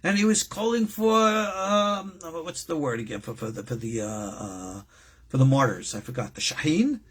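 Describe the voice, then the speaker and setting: A man's voice: on the high side, moderate pace, slightly rough. A man, a rabbi, giving an informal, emphatic lecture to his students in a conversational, digressive way. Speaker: rabbi teaching his school.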